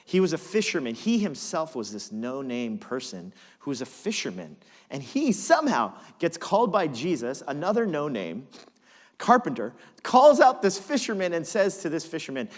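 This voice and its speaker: A man preaching as pastor, telling a story with animated, dramatic delivery. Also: a little high, normal speed, long reverb tail. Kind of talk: sermon.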